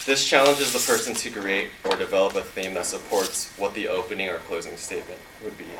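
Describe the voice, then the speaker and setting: A man's voice: deep voice, noisy background. A man leading table topics at a club meeting, with a light, joking delivery. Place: meeting room. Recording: roomy echo from far off, with audience.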